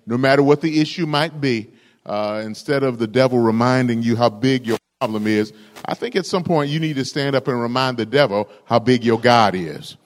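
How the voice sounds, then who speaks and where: A man's voice: medium pitch, in a large hall. A male pastor preaching a rousing sermon, calling out to the congregation for responses.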